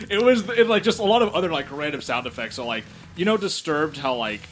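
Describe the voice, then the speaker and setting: A man co-hosting a casual podcast, telling an animated story with giggles. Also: on the high side, brisk, faint music behind. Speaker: podcast co-host. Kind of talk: casual chat.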